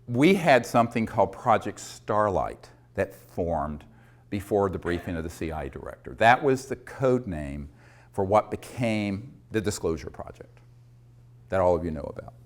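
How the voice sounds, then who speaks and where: An older man from North Carolina, telling anecdotes to an audience and animated when quoting others. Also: deep voice. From North Carolina, USA. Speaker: speaker recounting his disclosure work. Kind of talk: storytelling talk to an audience.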